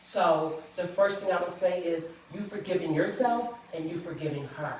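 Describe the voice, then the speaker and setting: A woman's voice: on the low side, moderate pace, a little hiss or hum. Earnest woman in an echoey room. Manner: earnest, reflective storytelling. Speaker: guest author. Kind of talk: personal testimony in a talk show. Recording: echoey room, far from the mic.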